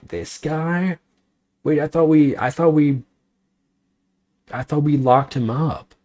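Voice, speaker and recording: A man streaming, making quick, chatty asides while reading a game aloud. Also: fairly high pitch, darkish tone. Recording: faint music behind.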